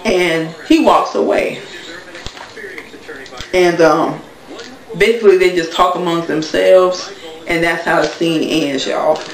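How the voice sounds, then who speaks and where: A woman with a gravelly edge to her voice, recapping in a blunt, gossipy way and talking straight to her viewers. She sits back from the mic, and her voice rings in an echoey room. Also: lowish voice, slow pace, pauses often, distant mic. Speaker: TV recap vlogger. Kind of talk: casual episode recap.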